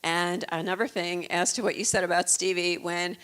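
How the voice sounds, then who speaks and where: A woman's voice: fairly low pitch, steady tone, moderate pace, fairly bright tone, smooth. A woman in her fifties from the Chicago suburbs, telling stories in an earnest, chatty way as a guest author. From United States, Chicago suburbs. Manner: chatty, earnest, proud mother. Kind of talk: casual storytelling talk.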